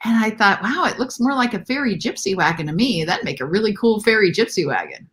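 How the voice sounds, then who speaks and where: A middle-aged woman speaks as a guest, chatting casually. She tells her story with animation, leaning into quoted lines with a lifted voice. Her pitch sits in an ordinary middle range. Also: big pitch swings, fairly quick, a bit bright.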